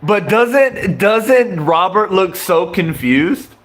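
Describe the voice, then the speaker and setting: A young man with a fairly high, lively voice talks slowly through a boxing clip. He laughs often and swears freely, and he keeps calling his viewers bro as he reacts in disbelief. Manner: laughing, incredulous, profane, addresses viewers as bro. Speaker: boxing commentator. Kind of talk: casual reaction commentary.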